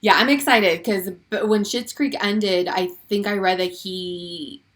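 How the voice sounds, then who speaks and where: A woman's voice: mid-range voice, unhurried, a bit bright. Giggly woman chatting about pop culture. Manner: gushing, giggly, lots of "like". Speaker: podcast co-host. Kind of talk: casual pop culture chat.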